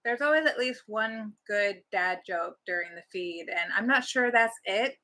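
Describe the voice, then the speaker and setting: Bright, chatty female co-host. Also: medium pitch, moderate pace. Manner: chatty, giggly, greets viewers warmly. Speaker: co-host of a movie watch party stream. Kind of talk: casual livestream chat.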